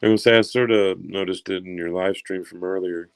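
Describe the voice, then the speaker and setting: Blunt, low-voiced man co-hosting. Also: fairly even intonation, fast talker, smooth. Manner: blunt, dismissive, swears. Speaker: co-host. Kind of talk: casual live stream chat.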